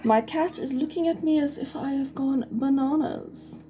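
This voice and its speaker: A woman's voice: high-pitched, normal speed, mellow, slight background noise, rough recording. Chatty young South African woman. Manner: chatty, giggly, thinks aloud. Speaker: student doing a science experiment. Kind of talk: casual narration of a home experiment. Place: home kitchen. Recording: kitchen clatter of dishes and cutlery audible.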